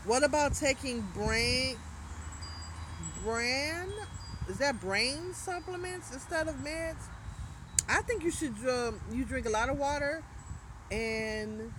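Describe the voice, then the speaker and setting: Woman livestream host, loose and rambling spiritual-advice chatter, sharp bright tone, faint street noise. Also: a little high. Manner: chatty and loose, trailing off and restarting. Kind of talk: casual livestream chat reading viewer comments.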